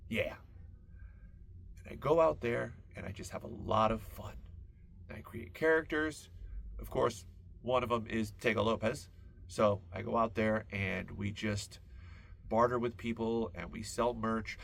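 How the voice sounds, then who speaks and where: A man hosting a podcast, telling a rambling comic story full of absurd tangents and deadpan asides. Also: fairly low pitch, moderate pace, creaky, a little hiss or hum. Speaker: podcast host. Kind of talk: comedic podcast monologue.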